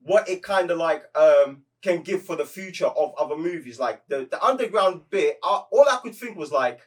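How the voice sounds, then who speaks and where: A man's voice: fairly high pitch, lively intonation, normal speed, few pauses, far from the mic. Slangy man, off mic. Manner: slangy, hesitant, repeats words. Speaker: movie reviewer. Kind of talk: casual chat.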